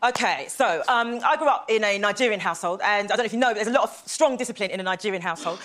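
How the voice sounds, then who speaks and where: Fast, animated male stand-up. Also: sits high. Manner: animated storytelling. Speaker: stand-up comedian. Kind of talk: stand-up routine.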